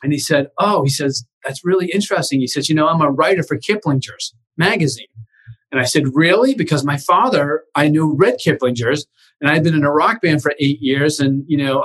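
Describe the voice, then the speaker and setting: A man with a Boston accent, a real estate investor being interviewed over a video call, telling lively stories and acting out quoted voices. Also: on the high side, fairly quick, rough recording. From Boston area, USA. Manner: animated anecdotes, acts out quoted voices. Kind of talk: casual interview storytelling.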